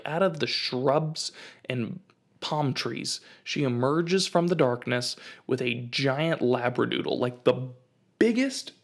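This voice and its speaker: Gravelly young man rambling a story. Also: medium pitch. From United States. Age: 20s. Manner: rambling storytelling, lots of fillers. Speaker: host. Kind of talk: casual comedic rant.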